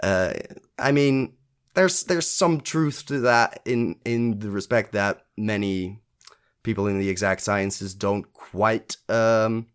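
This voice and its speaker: Hesitant low-voiced man, podcast co-host. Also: slow pace, clear, resonant tone. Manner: hesitant, thinks aloud with many restarts and fillers. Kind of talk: casual chat reviewing a TV episode.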